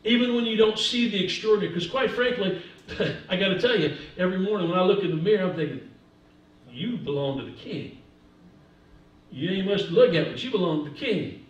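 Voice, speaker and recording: A man, an older pastor, preaching a sermon with humor, swinging between soft asides and loud emphasis. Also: sits high, fast talker, muffled recording. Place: church sanctuary. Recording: echoey church from a distance.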